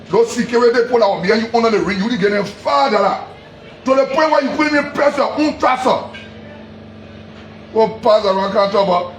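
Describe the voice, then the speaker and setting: A man with a Liberian English accent delivers a heated public tirade in a very high, strained register. He hammers the same accusations again and again and breaks into shouts at times. His voice bounces around an echoey room over faint background noise. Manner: heated, accusatory, repeating himself, sometimes shouting. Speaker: politician. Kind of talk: angry public address.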